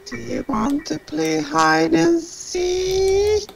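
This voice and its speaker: A woman voicing a creepy old granny in a game, calling out slowly in a creaky, drawn-out voice. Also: extremely high pitch, animated, crowd noise, full character voice. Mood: menacing. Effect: game sound effect.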